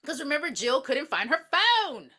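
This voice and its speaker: A woman co-hosting a podcast, opinionated and teasing, quick to correct details in casual chat about a movie. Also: high-pitched, sing-song, bright, forceful tone. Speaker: podcast co-host.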